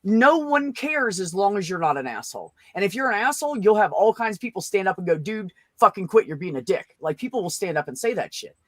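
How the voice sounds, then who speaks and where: A woman talks in a loose, swearing, animated storytelling voice in a casual group chat. Her pitch sits in the middle and the sound is dry and close. She goes quick when excited and drops low and soft for the tense parts. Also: dry recording. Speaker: show host.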